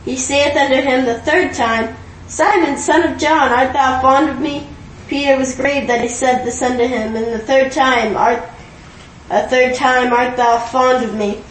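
High-voiced woman reading scripture from afar. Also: fairly even intonation, a little hiss or hum. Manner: measured, formal reading. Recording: distant voice in an echoey room.

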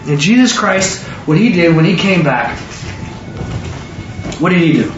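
Soft background music plays under a man teaching Bible study, his voice a little high and expressive. He quizzes the group with rapid-fire questions, waiting for answers, and the far-off recording sounds echoey and dull.

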